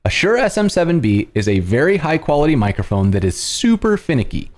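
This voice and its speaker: A man hosting a livestream, explaining casually in a loud projected presenter voice with plenty of fillers, close on a compressed studio mic at home. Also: fairly high pitch, sing-song, a little fast, few pauses. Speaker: livestream host. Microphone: studio dynamic microphone with compression.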